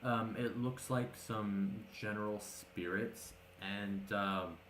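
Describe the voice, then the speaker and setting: A man's voice: lowish voice, fairly even intonation, slow pace, fairly bright tone, slight background noise. A man narrating as game master, rambling with many fillers. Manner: rambling, filler-heavy, laughs often. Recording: echoey room.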